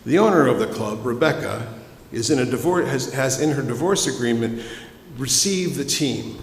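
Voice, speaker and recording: A man's voice: mid-range voice, animated, normal speed, slight background noise. A man, a minister, giving a sermon in a conversational storytelling way and speaking directly to his congregation. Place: church sanctuary. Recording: echoey hall ambience.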